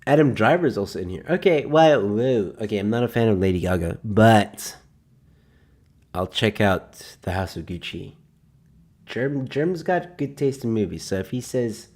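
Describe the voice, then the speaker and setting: A man's voice: lowish voice, a little mellow. A man hosting a live stream, chatting casually and joking sarcastically while he reads out film synopses. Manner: rambling, jokey and sarcastic, reading film synopses aloud. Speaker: host.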